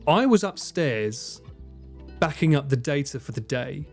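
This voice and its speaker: A man's voice: a little high, sing-song, a little slow, a little mellow, faint music behind. A man from Essex with an Essex accent, chatting casually on a live stream, self-deprecating and thanking viewers by name. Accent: Essex English. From Essex, England. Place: home in Japan.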